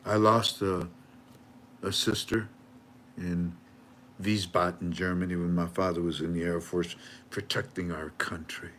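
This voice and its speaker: A man in his seventies, the host of his channel, telling a heartfelt story in a halting way and repeating words as he searches for them. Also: deep voice, level tone, a bit bright, slight background noise. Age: 70s. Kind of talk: heartfelt storytelling with a religious close.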